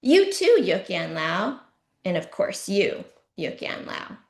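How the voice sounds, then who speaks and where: A woman acting out a stern police commander giving brisk, mock-serious orders in a stand-up bit. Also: medium pitch, big pitch swings, gravelly, darkish tone, full character voice. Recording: roomy echo.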